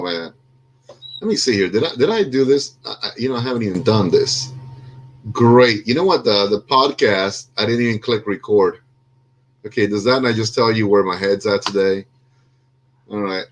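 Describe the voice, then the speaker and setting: A man's voice: on the low side, a little hiss or hum. A man hosting a casual podcast over a video call, a little under the weather, joking at himself and rambling with lots of fillers. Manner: jokey, self-deprecating, rambling with many fillers. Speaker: podcast host.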